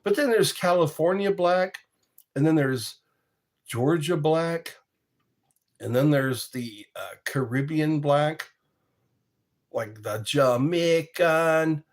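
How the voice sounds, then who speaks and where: A man's voice: on the high side, takes it slowly, long pauses, darkish tone. A man telling rambling, casual stories in a vlog, often chuckling and breaking off mid-sentence. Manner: rambling, chuckling, self-interrupting. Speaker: vlogger. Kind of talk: casual storytelling monologue.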